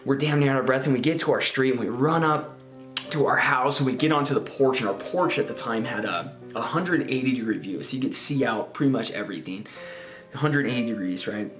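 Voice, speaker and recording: A man in his twenties from Spokane tells a childhood story in casual, rambling speech, repeating words and asking "right?" along the way. His mid-range voice is brisk and fairly bright. The recording is roomy, with faint guitar music.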